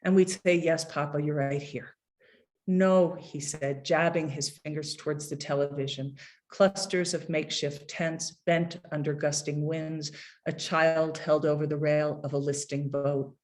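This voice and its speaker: Woman poet, middle-aged; careful, measured poetry reading with hesitant asides. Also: low-pitched, fairly even intonation, darkish tone. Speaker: poet reading at her book launch.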